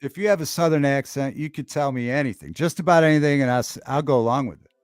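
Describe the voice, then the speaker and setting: Talking fast, this livestream host keeps his talk show loose and casual, reading viewers' chat messages aloud and gleefully quoting movies he loves. The middle-pitched voice is captured close and dry, with soft music playing underneath.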